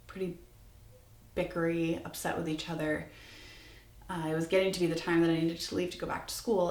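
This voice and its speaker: A young woman in her twenties tells a personal story to camera, candid and rambling as she restarts her sentences. Her voice has a gravelly fry. The recording sounds roomy and echoey. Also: low-pitched, a little mellow. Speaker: vlogger. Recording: echoey room.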